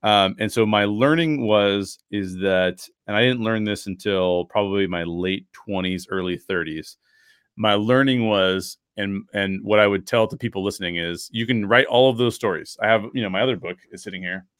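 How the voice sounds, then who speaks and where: A man in his thirties, a podcast host telling a personal story with lively acted-out quotes and frequent restarts. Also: lowish voice, normal speed, smooth, dry recording, studio quality. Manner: animated storyteller acting out quotes, many restarts.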